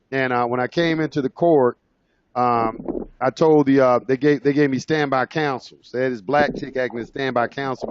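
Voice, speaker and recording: A man's voice: medium pitch, lo-fi sound, a little hiss or hum. A man casually telling his own courtroom story, rambling with many fillers and restarts. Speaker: speaker sharing his own experience.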